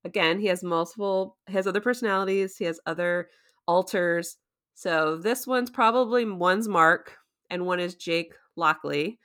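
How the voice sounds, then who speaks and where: A woman's voice: on the low side, moderate pace, a bit bright. A woman recapping a show in casual chat, chatty and playful, laughing often. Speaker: co-host.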